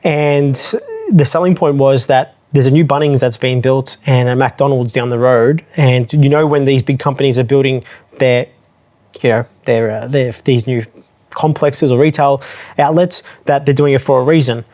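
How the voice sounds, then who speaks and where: A man's voice: medium pitch, steady tone, moderate pace, darkish tone. A man talks straight to camera in a loose, conversational way. He is frank and unpolished, often restarting and correcting himself mid-sentence as he tells his own story. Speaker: property advisor telling his own story. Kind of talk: casual talking-head storytelling.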